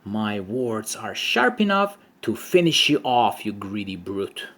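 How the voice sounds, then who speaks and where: A man voicing a tiny, brave and clever ant in a children's storybook, with a high, squeaky voice. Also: sing-song, a little slow, a bit bright, exaggerated voice. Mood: bold.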